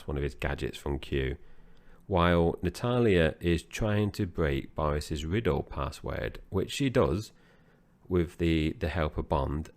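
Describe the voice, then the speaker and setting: A man co-hosting a film podcast, recapping the plot in an easygoing, slightly halting way. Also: low-pitched, darkish tone. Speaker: podcast co-host. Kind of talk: casual film-review chat.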